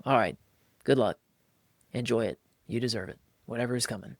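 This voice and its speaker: Guy hosting a podcast, punchy and animated, average pitch, dry close sound. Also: a little fast, gravelly, no echo. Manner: emphatic and animated, acting out quotes in a higher voice. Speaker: podcast host. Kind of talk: casual podcast talk on faith and marriage.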